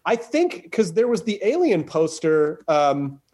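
A man's voice: on the high side, big pitch swings, a little slow, darkish tone. A man hosting a podcast, riffing in casual comedic chat with rambling, profane jokes. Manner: rambling, profane, joking riffs. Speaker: podcast host.

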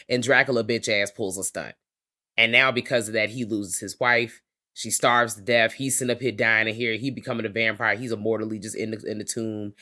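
A man co-hosting a podcast, chatting casually about films in slangy talk that swings between loud excitement and soft, low asides. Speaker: podcast co-host. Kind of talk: casual film chat.

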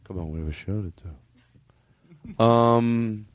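A man's voice: fairly low pitch, measured pace, music in the background. A man hosting a comedy podcast in a studio, telling rambling stories, laughing and swearing as he acts out bits. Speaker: podcast host. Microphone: studio mic.

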